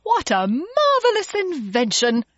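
A woman voicing an excitable, old-fashioned male time-traveling inventor in a storybook reading. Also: sits high, unhurried, muffled recording, a little hiss or hum, voice pushed up. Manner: excitable, exclaiming.

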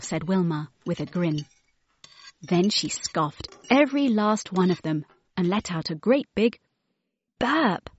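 A woman reading a children's storybook aloud with an expressive manner. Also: on the low side, a little slow, highs cut off.

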